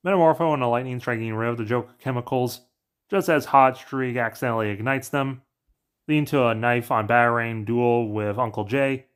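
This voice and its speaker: A man casually narrating a plot recap in a brisk, offhand way. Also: medium pitch, clean tone. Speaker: narrator pitching story ideas.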